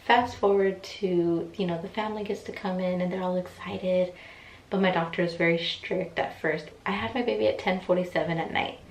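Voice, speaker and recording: A young woman chats through a personal storytime, full of fillers and little acted-out quotes. Her voice sits a bit low and sounds set back from the mic in an echoey room. A faint hum of ambience is heard behind her. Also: far from the mic. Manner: chatty, many fillers, acts out quoted voices. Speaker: vlogger. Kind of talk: casual storytime.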